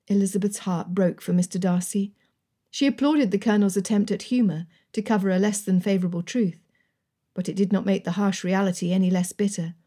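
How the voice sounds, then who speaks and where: Mellow, breathy woman narrating a romance. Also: medium pitch. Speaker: audiobook narrator. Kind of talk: scripted narration.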